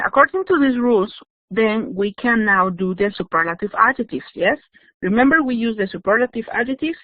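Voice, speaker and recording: A woman teaches English grammar in an online class, explaining things patiently and checking in with "yes?". Her voice is a little high, and the audio is dry and tinny like a phone, with no echo.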